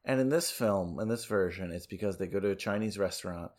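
A young man co-hosting a casual film review chat, relaxed and joking. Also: low voice, fairly quick. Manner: relaxed, joking, filler-heavy. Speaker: podcast co-host.

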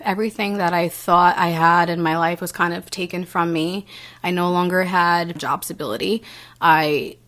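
Earnest young woman, halting and low-pitched. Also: a bit bright. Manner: halting, earnest, many restarts and "like" fillers. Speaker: guest. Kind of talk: personal story in interview.

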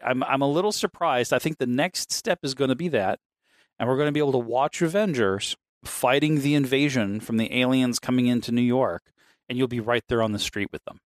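A man's voice: medium pitch, fairly quick, dry recording, studio quality. A man co-hosting a casual chat, rambling and swearing freely, often laughing between points.

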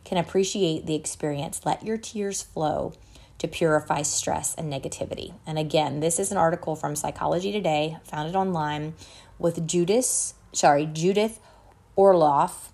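A woman podcast host reading an article aloud in a measured way, stopping now and then to correct her own slips. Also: low voice, vocal fry, warm tone.

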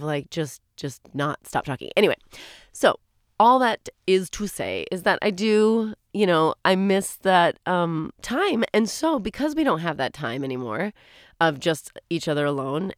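A woman's voice: lowish voice, no echo, clean studio sound. A woman in her forties co-hosting a podcast, chatting in a rambling way that often breaks off mid-thought, recorded alone in a small closet at home. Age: 40s. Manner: rambling, chatty, self-interrupting. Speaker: podcast co-host. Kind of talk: casual solo chat.

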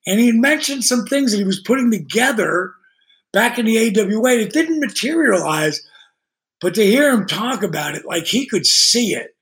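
A man's voice: sits high, moderate pace. A man guesting on a podcast, telling casual stories with lots of swearing and acted-out dialogue. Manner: animated, swears freely, acts out dialogue. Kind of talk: casual storytelling.

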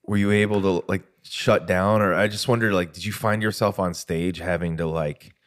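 A man hosting a podcast, asking gentle, halting questions full of "like.". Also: sits low, steady tone. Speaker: podcast host. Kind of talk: interview questions.

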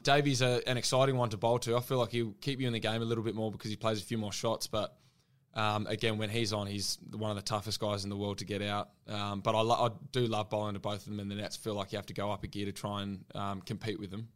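A man's voice: on the low side, little pitch movement. A young man with a New Zealand accent, chatting easily as a podcast guest and often repeating words as he thinks. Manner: easygoing, quick laughs, repeats words while thinking. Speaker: guest, professional fast bowler. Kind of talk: casual chat.

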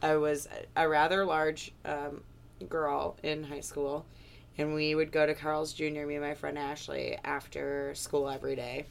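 A woman's voice: low-pitched, level tone, unhurried, vocal fry. A woman from Southern California, co-hosting a casual podcast chat, rambling through stories with lots of fillers. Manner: rambling, filler-heavy storytelling. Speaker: podcast co-host.

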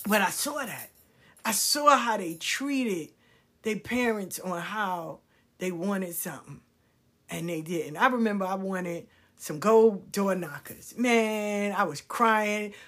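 A woman telling candid personal stories in a frank, profane, animated way, moving between hushed asides and loud outbursts. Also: mid-range voice, takes it slowly. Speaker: storyteller.

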